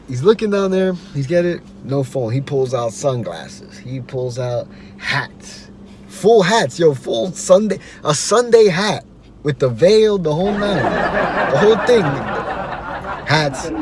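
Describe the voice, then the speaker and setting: A man's voice: on the high side, a little hiss or hum. A man hosting a podcast, telling a story in a loose, slangy, profane way. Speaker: podcast host. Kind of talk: casual storytelling.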